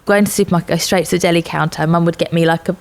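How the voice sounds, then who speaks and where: A woman telling quick, animated anecdotes in a casual chat. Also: fairly low pitch.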